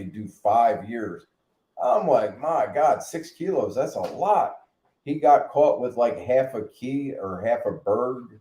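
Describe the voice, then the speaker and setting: A man hosting a casual live-stream chat, joking and slangy with loud whoops. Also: medium pitch, echoey room. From United States. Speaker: vlog live stream host.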